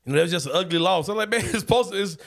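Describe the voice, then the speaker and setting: A young man hosting a sports podcast, talking in a loose, joking, slang-heavy way with loud bursts of laughter. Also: sits high, lively intonation, racing, creaky. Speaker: podcast host. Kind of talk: casual sports talk.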